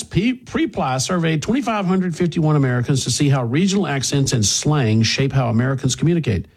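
A talk radio host from Texas with a husky, mid-pitched voice. He delivers emphatic, opinionated commentary and drops sarcastic asides along the way. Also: rough recording.

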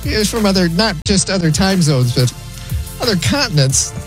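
A man with a fairly high voice reads a brisk sports update on a talk radio show and slips in dry humor. Faint music plays under him. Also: very animated.

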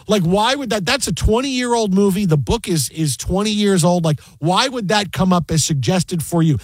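A man hosting a sports talk show, telling rambling, animated stories and slipping into mock play-by-play. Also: high voice, fairly quick, hardly any pauses, no room sound. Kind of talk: casual sports radio chat.

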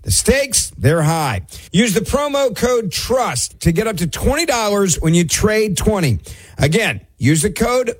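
A man's voice: high-pitched, very animated, unhurried, slightly rough. A man, a radio host, reading a sponsor spot in a conversational, emphatic way.

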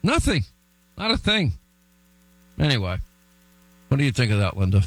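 A man's voice: medium pitch, moderate pace, no room sound, poor audio. A man hosting a political talk show, telling stories bluntly with lots of restarts. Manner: blunt, animated storytelling with restarts.

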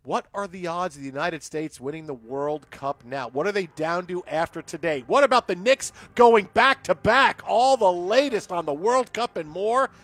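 A man's voice: high voice, expressive, normal speed, hardly any pauses, a bit bright. A man hosting sports radio, giving score updates and telling rambling stories with lots of fillers. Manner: rambling storyteller with many fillers.

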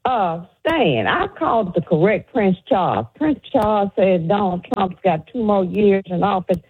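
A woman's voice: medium pitch, lively intonation, unhurried, few pauses, husky, no echo. A woman calling into a radio show, firm and emphatic, repeating her points. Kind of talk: call-in radio opinion. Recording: tinny phone line.

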